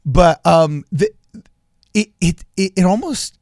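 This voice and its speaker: A man's voice: high-pitched, animated, takes it slowly, a little mellow, dry recording, clean studio sound. A man co-hosting a political podcast, talking earnestly in a casual way, often restarting and repeating phrases, with bursts of laughter. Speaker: co-host.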